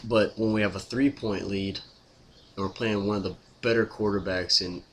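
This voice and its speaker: A man's voice: lowish voice, fairly even intonation, normal speed, fairly bright tone, a little hiss or hum. Exasperated man ranting about football. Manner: exasperated, repetitive, blunt. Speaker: sports fan vlogger. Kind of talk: casual fan rant to camera.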